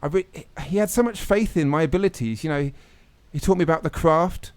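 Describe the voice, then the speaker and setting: A man's voice: a little high, fairly quick, a little mellow, no room sound. A man hosting a scripted comedy radio show, flustered and hesitant with many fillers, sometimes mock-solemn.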